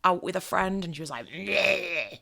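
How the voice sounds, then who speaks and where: Young woman, bit of a gravelly fry, loud theatrical podcast banter. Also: fairly low pitch, fast talker. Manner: lively, theatrical, swears, acts out quotes. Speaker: podcast co-host. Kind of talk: casual chat.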